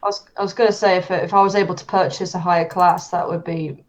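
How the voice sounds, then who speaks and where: Low-voiced woman on a dull lo-fi mic. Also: steady tone, fast talker. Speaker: player. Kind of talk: tabletop game play. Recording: dull lo-fi sound.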